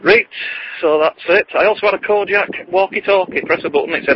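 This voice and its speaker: A middle-aged man, chatting and telling jokes while out on a walk, deadpan and rambling. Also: high voice, a little fast, dull audio, a little hiss or hum. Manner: chatty, deadpan, puts on voices for joke characters. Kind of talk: rambling joke-telling vlog. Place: outdoors on a walk.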